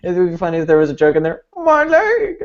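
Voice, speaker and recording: A young man retells a movie plot in a loose, rambling way, full of fillers, jumping into quick impressions of the characters. The audio is muffled and lo-fi. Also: on the high side, level tone, dark tone. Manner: rambling, filler-heavy retelling with mimicked quotes. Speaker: podcast host recapping a movie. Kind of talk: casual chat.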